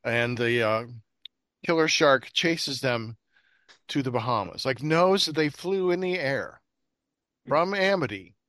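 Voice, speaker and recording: A man's voice: medium pitch, animated, unhurried, pauses often, fairly bright tone, no room sound. A man hosting a casual podcast chat about bad movies, rambling with lots of fillers. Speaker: podcast host.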